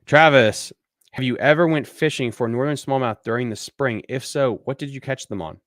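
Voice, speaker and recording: A man's voice: medium pitch, moderate pace, a bit bright, no room sound. Blunt ranting man, dry close sound. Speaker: podcast host. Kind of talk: casual live-stream rant and Q&A.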